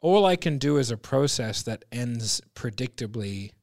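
A man's voice: medium pitch, animated, a little slow, creaky, darkish tone, dry recording, clean studio sound. A man talking sales as a podcast guest, blunt and emphatic, swearing freely and restarting his sentences often. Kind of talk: casual podcast conversation.

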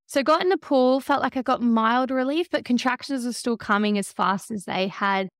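Gravelly-voiced woman telling her story. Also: fairly high pitch, moderate pace, no room sound, studio quality. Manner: emotional, animated storytelling. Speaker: podcast guest. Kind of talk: conversational interview.

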